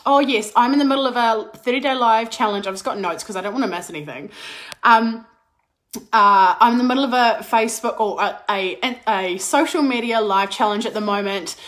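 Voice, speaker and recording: A bubbly, excitable woman, a business coach chatting on a live stream with a slight cold. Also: fairly high pitch, a little fast. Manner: bubbly and excitable, laughs and restarts often. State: slight cold, clearing throat. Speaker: business and mindset coach, podcast host.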